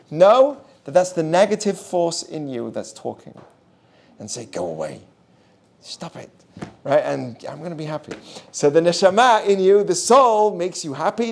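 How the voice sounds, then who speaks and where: A man teaching a class as a rabbi, animated, asking his listeners questions and mixing in Hebrew terms. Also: sits high, vocal fry. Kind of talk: lively Torah class.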